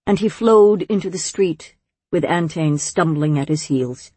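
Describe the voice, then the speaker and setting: A woman reading a fantasy novel aloud in measured, wryly storytelling audiobook narration. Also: sits low, mellow, husky, no room sound.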